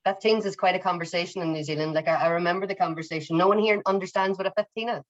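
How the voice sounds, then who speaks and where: A woman with a Derry accent from Northern Ireland, chatting quickly on a video call with an apologetic, filler-heavy manner. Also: fairly low pitch, steady tone, slight background noise. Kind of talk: casual video call chat. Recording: muffled video call audio.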